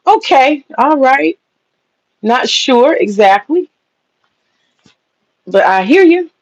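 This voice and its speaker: A woman's voice: high-pitched, big pitch swings, highs cut off. Sarcastic, laughing woman livestreamer. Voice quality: sarcastic, profane, laughs often. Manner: casual slangy talk, drawn-out mock pleading. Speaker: livestream host and businesswoman. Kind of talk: livestream chat reading comments.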